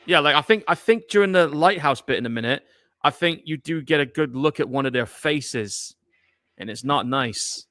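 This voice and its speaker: A man's voice: fairly high pitch, expressive, normal speed, fairly bright tone, dry recording, clean studio sound. A man co-hosting a casual horror movie watch-along podcast, laid-back and chatty, telling anecdotes. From United Kingdom. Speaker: podcast co-host.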